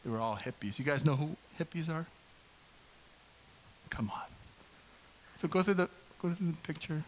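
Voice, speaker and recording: A man in his fifties preaching a sermon as pastor, conversational and animated, often asking the congregation questions. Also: a little high, moderate pace, slight background noise, poor audio. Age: 50s.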